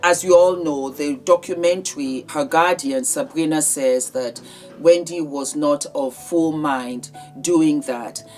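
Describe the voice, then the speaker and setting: Earnest woman with a lowish voice. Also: takes it slowly, darkish tone, faint music behind. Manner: earnest, heartfelt, conversational. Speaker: vlogger. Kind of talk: emotional celebrity commentary.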